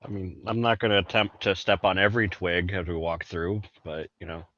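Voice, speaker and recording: A man's voice: low voice, little pitch movement, brisk, a bit bright, no echo, dull audio. A man playing a tabletop role-playing game who makes hesitant, wry remarks in casual chat.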